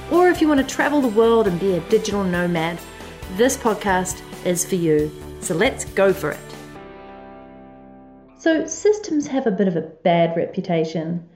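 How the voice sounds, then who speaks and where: A woman's voice: mid-range voice, darkish tone, reverberant. Upbeat New woman hosting podcast. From New Zealand. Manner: upbeat and emphatic, stretches key words. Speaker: podcast host. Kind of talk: scripted podcast intro.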